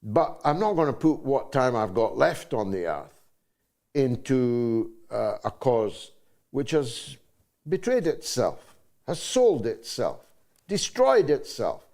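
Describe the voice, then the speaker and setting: Older scottish guy hosting a political show, slow talker, voice swings all over, gets emotional. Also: mid-range voice, darkish tone. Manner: impassioned, emotional. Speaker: host.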